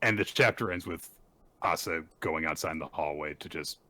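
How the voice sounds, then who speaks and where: A very deep, sharp-toned man hosts a podcast, recorded with no room sound. He loosely recaps a manga chapter, full of fillers and occasional swearing, and quickly mimics characters' voices when quoting them.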